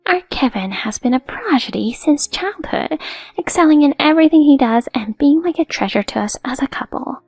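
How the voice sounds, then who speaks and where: A woman voicing a proud, sharp-tongued middle-aged mother-in-law who looks down on others. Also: high-pitched, expressive, normal speed, dry recording, pitched above the performer's own voice. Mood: haughty. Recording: dry with soft music behind.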